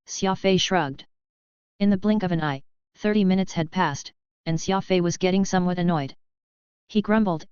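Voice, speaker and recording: A woman reading a novel aloud as an audiobook narrator, in a steady read-aloud delivery. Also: lowish voice, normal speed, clean tone, dry recording, dull audio. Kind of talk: scripted narration.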